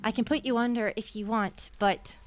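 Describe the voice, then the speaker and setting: Woman, high voice, nervous healer in a roleplay, apologetic, keeps repeating herself. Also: steady tone, moderate pace, faint music behind. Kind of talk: in-character voice roleplay.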